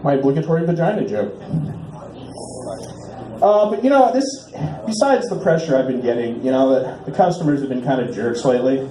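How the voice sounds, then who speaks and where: A man in his forties doing a stand-up comedy set in a bar, delivering punchlines deadpan and drawing out repeats while he waits for laughs. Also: mid-range voice, a little fast, long pauses, roomy sound, poor audio. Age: 40s. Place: small bar stage.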